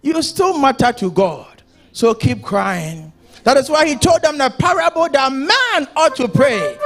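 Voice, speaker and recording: A man preaching a sermon as pastor, moving from speech into shouted and sung passages. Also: extremely high pitch, very animated, unhurried, faint music behind.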